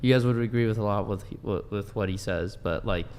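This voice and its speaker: A man guest on a dating panel talks in a lowish, smooth, resonant voice. He rambles through his opinion, stacking fillers and restarting his sentences. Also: brisk, a little mellow. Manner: rambling, filler-heavy, full of "like". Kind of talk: casual opinion chat.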